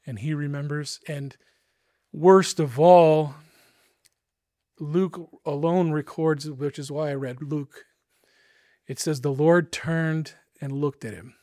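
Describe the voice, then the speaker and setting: A man's voice: on the high side, steady tone, slow, long pauses, dark tone, dry recording, studio quality. A man preaching a sermon, earnest and emphatic, with casual asides to his listeners.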